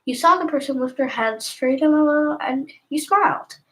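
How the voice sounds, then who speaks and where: Woman, soft-spoken ASMR narrator, half-whispered, slow, slightly higher pitch. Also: animated, poor audio. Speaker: ASMR storyteller.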